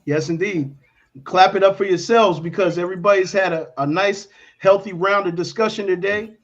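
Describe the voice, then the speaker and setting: A man's voice: high voice, fairly even intonation, normal speed, slight background noise. A man hosting a casual morning talk show, laid-back and repeating his catchphrases. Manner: laid-back, repeats "you know what I'm saying". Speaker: radio talk show host. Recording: dull lo-fi stream audio.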